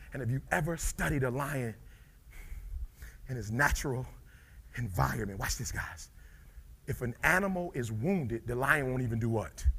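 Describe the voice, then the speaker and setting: A middle-aged man giving a live motivational speech, dropping to low murmurs and rising to shouted peaks, calling out to the crowd. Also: creaky, breathy edge. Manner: preacher-like call and response with the crowd. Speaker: motivational speaker.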